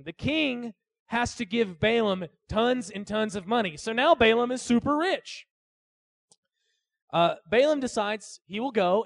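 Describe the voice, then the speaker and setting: Male pastor, casual joking sermon, high voice, dry sound. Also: vocal fry, dry recording. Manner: casual, joking storytelling with asides to listeners.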